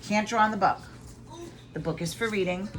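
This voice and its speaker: A woman's voice: mid-range voice, fairly quick, noisy background. A woman teaching a college statistics lesson from her home, talking to viewers in a chatty, informal way. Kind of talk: casual recorded math lesson.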